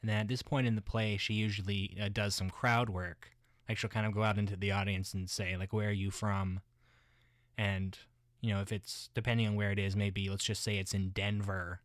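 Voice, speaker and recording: A man playing a muddled everyday guy who rambles haltingly, full of restarts and filler words. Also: lowish voice, little pitch movement, no room sound, clean studio sound, natural voice.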